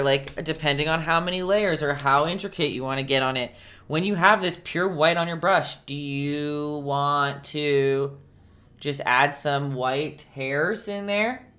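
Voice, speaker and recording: Chatty low-voiced woman teaching painting. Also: fairly bright tone. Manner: chatty, laughs often, talks to viewers by name. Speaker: painting instructor. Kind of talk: casual live-stream painting lesson. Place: home painting setup.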